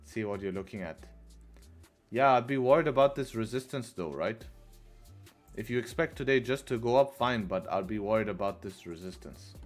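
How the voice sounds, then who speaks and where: A man's voice: fairly low pitch, animated, moderate pace. Laid-back man hosting a trading stream. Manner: laid-back, chatty, reads chat aloud. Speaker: live-stream trading host. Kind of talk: casual live-stream commentary. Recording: faint music behind.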